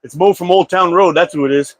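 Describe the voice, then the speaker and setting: A man's voice: high-pitched, brisk, slight background noise. A man hosting a casual live-stream chat about slingshots, talking in a laid-back, rambling way with lots of "uh" fillers. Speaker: slingshot channel host. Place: at home.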